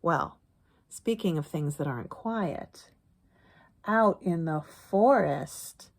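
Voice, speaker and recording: A woman reading a picture book aloud to children, pausing to explain words and letter sounds in a teacherly way and shushing softly between lines. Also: on the low side, lively intonation, gravelly. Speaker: children's story reader.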